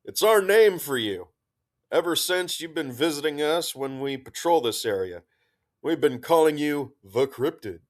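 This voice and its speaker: A man's voice: on the high side, expressive, a little slow, pitched above the performer's own voice. A man voicing a brash, friendly woman sergeant who teases and gives orders. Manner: teasing, bossy.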